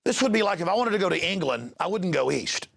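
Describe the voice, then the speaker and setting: A middle-aged man rants through heated news commentary, his voice gravelly and pitched fairly high. He swings widely up and down in pitch and stumbles over repeated words when he gets worked up. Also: quick pace. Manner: agitated, ranting, repeats words when excited. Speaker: host.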